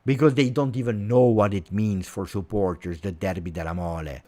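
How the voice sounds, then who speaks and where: A man's voice: on the low side, fairly even intonation, moderate pace, mellow. A man with an Italian accent hosting a live football reaction, ranting angrily and repeating himself. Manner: angry, repetitive ranting. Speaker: fan channel host.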